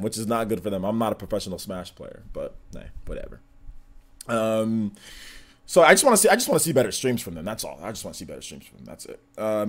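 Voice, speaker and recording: Hyped young male streamer, lively pitch. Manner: hyped, elevated presentation voice, trash-talking. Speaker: livestream host. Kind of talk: casual live stream chat, reading chat.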